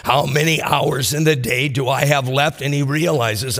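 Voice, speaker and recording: Male pastor, husky and bright, slow animated sermon delivery, hall reverb. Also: medium pitch. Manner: animated storytelling, acts out voices.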